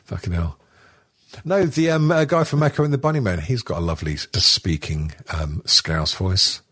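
A lower-voiced man with a husky edge rambles through casual chat, swearing freely and laughing as he goes. The sound is dry and close, with no room around it. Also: expressive, normal speed, fairly bright tone, dry recording. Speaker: podcast host.

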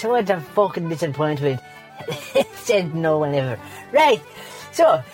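A man voicing Seamus, a foul-mouthed grumpy man ranting through a profane comedic news roundup. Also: extremely high pitch. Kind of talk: comedic character rant.

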